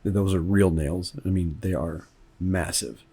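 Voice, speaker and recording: In an unhurried, steady way, a Kentucky director from the United States talks through his film, his deep voice warm with a breathy edge. The commentary is rambling and conversational, with words repeated as he thinks.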